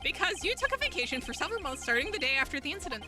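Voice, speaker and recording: A woman's voice: sits high, very animated, rapid-fire, over music, pitched below the performer's own voice. Woman reading a determined young defense lawyer. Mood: pressing.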